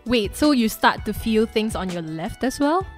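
A woman's voice: on the high side, animated, moderate pace, faint music behind. A woman in casual chat who keeps asking questions and laughing along. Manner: curious, asks questions and laughs often.

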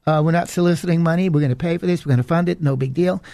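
A man's voice: fairly high pitch, very fast, vocal fry, dark tone, no echo, clean studio sound. A man hosting a preaching program, delivering an earnest, emphatic warning message. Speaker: radio preacher and host. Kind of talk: preaching monologue.

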